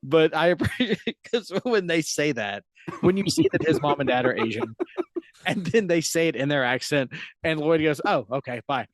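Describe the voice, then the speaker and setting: Giggly, stammering man, slightly high voice. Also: animated, moderate pace, dry recording. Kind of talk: casual movie review chat.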